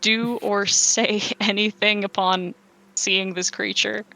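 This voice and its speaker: A woman narrating as game master for a tabletop game, describing a monster in halting, self-correcting bursts full of fillers. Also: medium pitch, level tone, creaky, sharp tone, low-quality recording.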